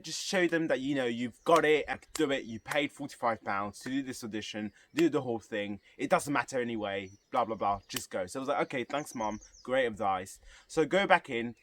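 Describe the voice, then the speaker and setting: A man's voice: medium pitch, slight background noise. A young man, casually telling a story to camera and acting out the voices of the people in it. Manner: animated, acts out quoted voices. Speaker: vlogger.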